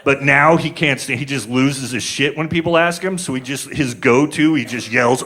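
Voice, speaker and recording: A man's voice: medium pitch, moderate pace, a bit bright. A man in his forties doing a stand-up comedy set, telling crude stories in a rambling, laid-back way with lots of filler words. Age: 40s.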